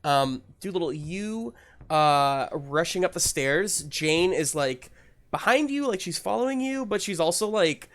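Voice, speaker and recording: A man narrating a tabletop game as game master, relaxed and rambling with many fillers. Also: on the high side, a little slow.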